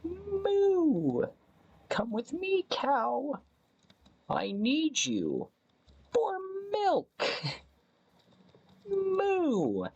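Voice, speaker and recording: A shrill mooing cow. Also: male voice, wildly swooping pitch, gravelly, a little mellow, dull audio, exaggerated voice. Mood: pleading. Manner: drawn-out mooing falsetto. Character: silly pleading cow, high falsetto.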